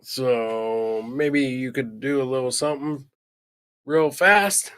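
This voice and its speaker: A man's voice: mid-range voice, takes it slowly, a bit bright, clear, resonant tone. A man co-hosting a casual podcast who reacts with animation, swears freely and acts out what people say. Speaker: podcast co-host. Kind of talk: casual chat.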